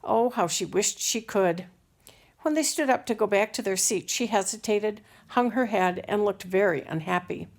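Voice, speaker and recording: A woman narrating a children's novel aloud in a measured, unhurried storytelling manner. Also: medium pitch. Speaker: audiobook reader.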